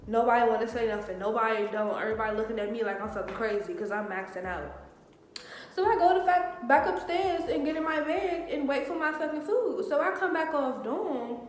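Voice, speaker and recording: A young woman telling a profane, animated story in casual storytime style, recorded in a dorm room. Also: sits high, a little hiss or hum. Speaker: vlogger. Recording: very echoey room with long reverb.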